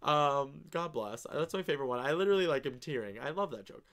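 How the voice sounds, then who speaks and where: A young man hosting a live stream, chatting casually and reading viewer comments aloud with excitable, gushing enthusiasm and the odd swear. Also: fairly high pitch, fast.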